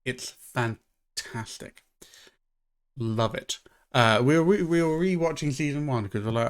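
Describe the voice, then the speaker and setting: Male streamer, chatty rambler, mid-pitched, lots of ums and restarts. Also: a little slow, long pauses. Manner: rambling storyteller, many fillers and restarts. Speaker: live streamer. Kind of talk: casual live-stream chat.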